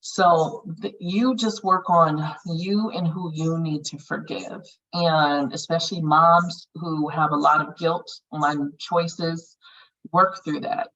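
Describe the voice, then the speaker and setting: A woman's voice: low-pitched, fairly bright tone, far from the mic, highs cut off. A woman leading a healing circle, talking casually and frankly about meditation, swearing freely as she goes. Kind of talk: casual group guidance on meditation.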